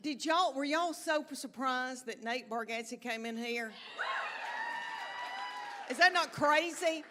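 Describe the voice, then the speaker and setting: A woman's voice: sits high, slow, pauses often, very noisy. Folksy woman doing stand-up. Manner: folksy, chatty storytelling. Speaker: stand-up comedian. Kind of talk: stand-up comedy routine. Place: comedy stage before a live audience.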